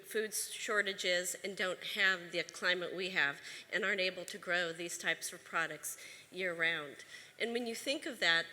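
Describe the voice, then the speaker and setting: A woman delivers an earnest, emphatic conference talk as an agriculture official, now and then restarting a word. Her voice is bright and forward. The sound carries a long reverb from a large hall. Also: medium pitch. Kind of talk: conference speech.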